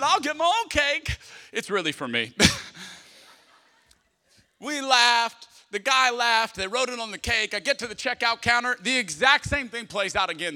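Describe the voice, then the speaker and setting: Bright-voiced pastor in a reverberant hall. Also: male voice, high-pitched. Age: 30s. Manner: animated storyteller, acts out dialogue, playful asides to the congregation. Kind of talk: sermon with storytelling. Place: church sanctuary.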